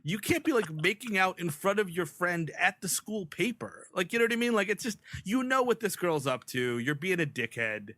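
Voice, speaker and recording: A man's voice: sits high, sing-song, normal speed, few pauses, fairly bright tone, dry recording. A man co-hosting a comedy podcast, rambling through a plot recap with mocking asides. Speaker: podcast co-host. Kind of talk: casual comedic recap chat.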